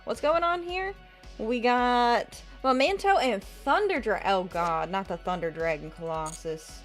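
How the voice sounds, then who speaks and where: A woman's voice: on the high side, a little slow, faint music behind. A woman game streamer chatting in a chatty, upbeat way and reading chat aloud on a live stream.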